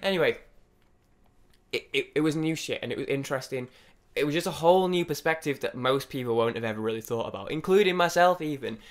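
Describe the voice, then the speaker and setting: A young man giving rambling, excitable off-the-cuff first impressions of an album, with many restarts and some swearing. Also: a little high, fast talker. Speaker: music reviewer.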